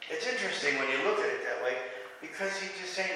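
A man's voice: high voice, fast, pushed and bright, distant mic. A man preaching a conversational sermon in a church, putting rhetorical questions to the congregation. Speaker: pastor. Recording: echoey hall.

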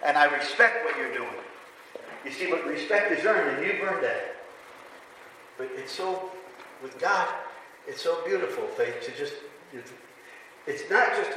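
A man's voice: fairly high pitch, lively intonation, measured pace, long pauses, sharp tone. A man preaching a sermon to a congregation, asking rhetorical questions and building to emphatic passages. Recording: echoey hall from far off, faint room noise.

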